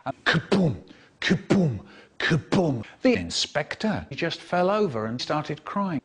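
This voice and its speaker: A man telling a story with animated, theatrical delivery, acting out quoted characters with sudden high squeals and hushed drops, cut into a comedy remix. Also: a little slow.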